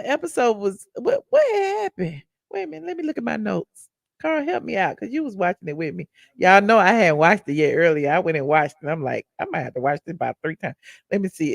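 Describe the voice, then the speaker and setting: A woman with a Southern American accent, hosting a show where she recaps a reality show and chats with her viewers in a sassy, animated way. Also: mid-range voice, dry recording, studio quality. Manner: chatty, sassy, animated storytelling. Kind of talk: casual chat with live chat.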